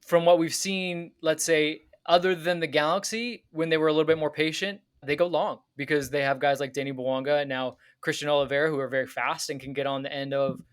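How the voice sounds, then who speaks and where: Man, soccer podcast co-host, slightly high voice, dry close sound, patient explainer. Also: steady tone, brisk, few pauses, clear, resonant tone, no echo. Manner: patient, explanatory, breaks down tactics step by step. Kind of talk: casual podcast chat.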